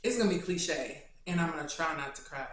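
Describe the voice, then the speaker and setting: A young adult woman vlogger answering questions in a casual, chatty, animated way. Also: sits low, a little fast. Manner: chatty and animated, turning tender and choked up. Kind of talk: casual Q&A chat to camera. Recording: echoey room.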